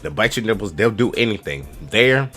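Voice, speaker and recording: A young man in his twenties talks through travel tips in a loose, slangy, rambling way. His voice is lowish and has a forceful, bright edge. Faint music plays behind him. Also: animated, normal speed. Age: 20s. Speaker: travel vlogger. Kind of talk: casual spoken advice to camera.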